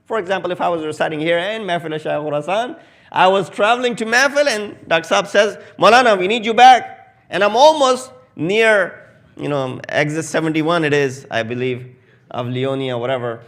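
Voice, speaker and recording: A man preaching a sermon in English with a South Asian accent, telling a story with acted quotes that swell loud at the peaks. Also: on the high side, moderate pace. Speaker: Shia preacher. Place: mosque hall.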